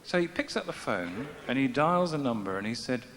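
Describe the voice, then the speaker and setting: A man's voice: medium pitch, very animated, brisk, few pauses, a bit bright, a little hiss or hum. A middle-aged man giving a dry, self-mocking comic talk to a live audience on a stage microphone. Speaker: comic speaker. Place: large festival venue with audience. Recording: echoey hall, faint ambience.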